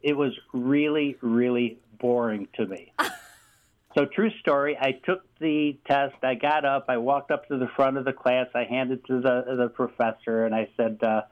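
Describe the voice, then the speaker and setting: A man in his sixties with a Chicago accent, telling stories as a radio guest in a halting, joking way with many fillers. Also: medium pitch, fairly even intonation. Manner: halting, many fillers, self-deprecating humor. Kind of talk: radio interview storytelling. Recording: slightly dull lo-fi sound.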